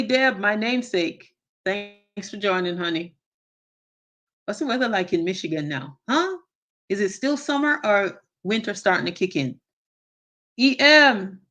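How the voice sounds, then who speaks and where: A woman's voice: mid-range voice, a bit bright. A woman with a Jamaican accent hosting a casual live stream. She greets viewers by name with endearments and slips into patois phrases.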